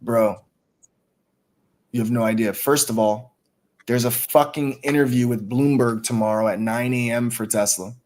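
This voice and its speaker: A man hosting a casual livestream, talking excitedly and cursing freely. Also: medium pitch, moderate pace. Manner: excited, profane, hyped up. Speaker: stream host.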